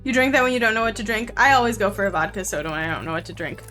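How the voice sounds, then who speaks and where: A woman's voice: mid-range voice, fairly even intonation, rapid-fire, pushed and bright, soft background music. A woman streamer chatting casually with her viewers while playing a game, with plenty of fillers.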